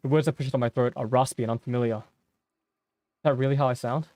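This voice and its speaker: A man streaming himself as he reads a story game aloud in a slow, somber, measured voice. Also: mid-range voice, steady tone, darkish tone, dry recording.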